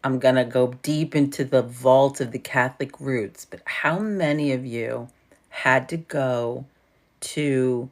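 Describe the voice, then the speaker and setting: Low-voiced, profane New York woman. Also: slow. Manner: profane, laughing storyteller. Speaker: livestream host. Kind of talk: casual livestream chat.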